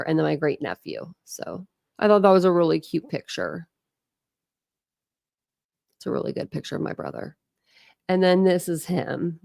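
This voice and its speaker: A woman's voice: medium pitch, vocal fry, dry recording, clean studio sound. A middle-aged woman chatting casually on a livestream, gushing and rambling as she shows family photos.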